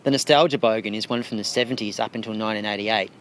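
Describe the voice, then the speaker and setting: A man's voice: fairly low pitch, quick pace, slight background noise. An Australian man answering radio interview questions as a featured artist, with dry, wry asides.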